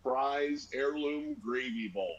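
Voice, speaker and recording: A man co-hosting a casual chat, telling family stories with lively put-on voices. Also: takes it slowly, lo-fi sound. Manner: animated storyteller, squeaky voice for grandma. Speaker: podcast co-host.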